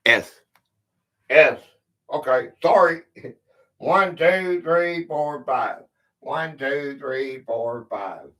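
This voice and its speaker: A man's voice: medium pitch, drawn-out words, pauses often, pushed and bright. A man hosting a live-stream quiz game, reading questions aloud, counting out letters and chatting with viewers by name in a casual, easily amused way. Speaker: quiz game livestream host.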